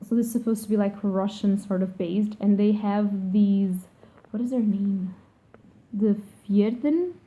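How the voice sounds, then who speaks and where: A woman vlogger with a warm, medium-pitched voice, fairly even intonation, and moderate pace chats casually about a book she's reading. She rambles and swears freely, and the recording sounds tinny, like a phone.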